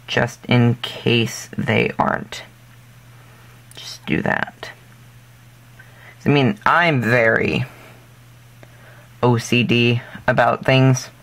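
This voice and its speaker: Going step by step through a craft project, this man speaks casually at an ordinary pitch with a slightly bright tone. Fillers, rambling and mid-sentence corrections are constant. He tosses in the odd goofy joke at his own expense.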